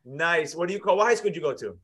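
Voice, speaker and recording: A man's voice: fairly high pitch, lively intonation, quick pace, fairly bright tone. A man hosting a live trading show, chatting in a friendly, casual way and often repeating himself. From United States. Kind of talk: casual live-stream chat.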